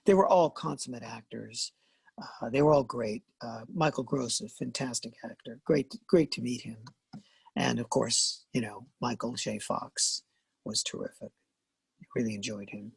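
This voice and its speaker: Gravelly older man telling stories. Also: mid-range voice, unhurried, no room sound. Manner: animated, laughing, acts out quoted lines. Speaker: guest, veteran actor and voice artist. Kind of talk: casual interview storytelling.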